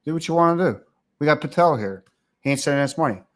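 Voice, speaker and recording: A man's voice: on the high side, lively intonation, quick pace. A man hosting a livestream, ranting casually with crude, profane mockery. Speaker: livestream host.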